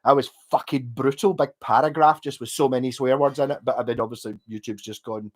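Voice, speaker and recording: A man's voice: mid-range voice, fairly even intonation, a little fast, hardly any pauses. A man with a Scottish accent, tipsy from drinking, rambling and swearing heavily as he chats casually on a live stream.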